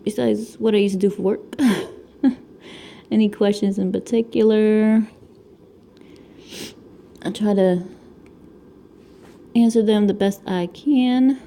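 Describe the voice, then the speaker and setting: A woman in her thirties from Connecticut, USA, with a Connecticut accent, has a medium-pitched, creaky voice with a dark tone. A crafting vlogger, she rambles and chats casually at home while diamond painting, laughing often, recorded by the camera mic.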